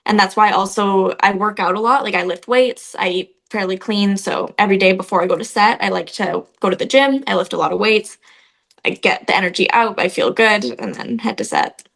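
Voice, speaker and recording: A young woman talks casually as a guest on an interview show, her voice at a middle pitch for a woman. She tells stories in a loose, chatty way, peppered with filler words. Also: brisk, vocal fry, fairly bright tone. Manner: chatty storytelling, frequent "like" fillers. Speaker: actress, guest.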